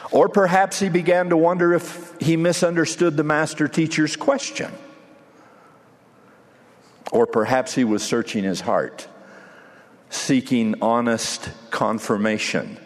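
Slow, measured male preacher. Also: a little high, fairly even intonation. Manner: measured, with dramatic pauses. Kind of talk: sermon. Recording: long hall reverb.

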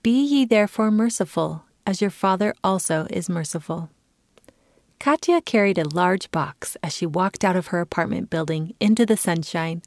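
A woman giving a calm, clear reading as the narrator of a children's story. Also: fairly low pitch, normal speed, dry recording.

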